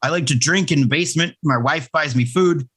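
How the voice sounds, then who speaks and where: A man's voice: fairly high pitch, a little fast, fairly bright tone, husky. A man mocking a whiny self-pitying guy. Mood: mocking whine. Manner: mocking, exaggerated whine. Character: whiny self-pitying male online personality.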